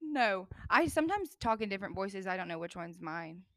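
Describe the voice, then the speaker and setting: A woman's voice: mid-range voice, very animated, brisk. Brief: young woman from Florida, podcast host, loose chatty delivery full of fillers, mid-range voice. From Florida, United States. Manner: chatty, laughs often, many fillers. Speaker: podcast host, new comedian. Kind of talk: casual podcast chat.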